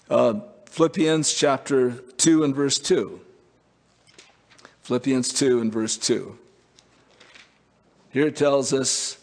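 A man's voice: medium pitch, darkish tone, long reverb tail. A male preacher delivering a conversational sermon, with many fillers and restarts.

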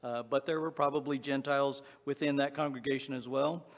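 A man's voice: medium pitch, steady tone, a little fast, big-room sound. A man with a Southwest Virginia accent preaching a sermon in a folksy, conversational way, with frequent restarts and fillers. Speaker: pastor.

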